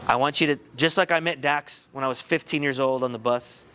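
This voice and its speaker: A man giving a motivational talk to high school students, telling a personal story in an animated, conversational way. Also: a little fast, a little hiss or hum. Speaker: guest speaker.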